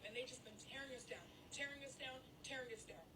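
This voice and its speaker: A woman's voice: high voice, a little fast, few pauses. A woman delivering an angry, profane social media rant, her voice breaking at times. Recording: distant with loud background noise.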